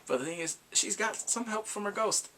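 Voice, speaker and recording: A man giving a casual, animated recap of drama episodes, laughing and acting out the characters' lines. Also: high-pitched, fairly quick, slight background noise. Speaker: drama reviewer.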